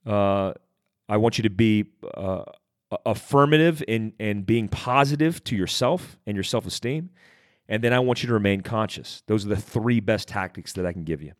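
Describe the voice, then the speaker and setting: A man's voice: lowish voice, expressive, normal speed, dry recording, clean studio sound. A man hosting a podcast, talking directly and conversationally about handling stress, repeating phrases for emphasis. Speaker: podcast host. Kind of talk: motivational talk.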